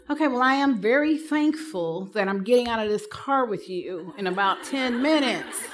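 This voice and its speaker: A woman addresses a room of counselors in a bright, forceful voice that sits a bit high. She tells her stories with humor and acts out the people she quotes. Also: normal speed, hardly any pauses. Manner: lively, humorous storytelling with acted-out quotes. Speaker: speaker teaching counselors. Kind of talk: live talk to an audience.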